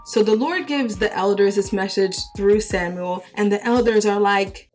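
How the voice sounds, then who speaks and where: A young adult woman hosting, retelling Bible stories in a lively, slangy, conversational way. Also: mid-range voice, moderate pace, hardly any pauses, soft background music. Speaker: host. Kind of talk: casual Bible storytelling.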